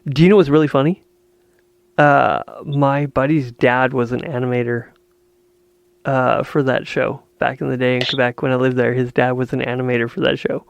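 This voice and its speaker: A man's voice: medium pitch, level tone, normal speed, vocal fry, no room sound. A Canadian man co-hosting a casual podcast chat over a call, telling stories with lots of laughter and quoted back-and-forth. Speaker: podcast co-host. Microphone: video call.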